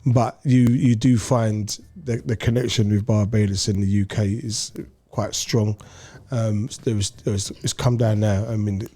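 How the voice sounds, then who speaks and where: A man's voice: lowish voice, steady tone, a little slow, few pauses, mellow. A man with a London accent hosting a chat show, teasing and explaining with lots of fillers. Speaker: comedian and show host. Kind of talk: casual chat.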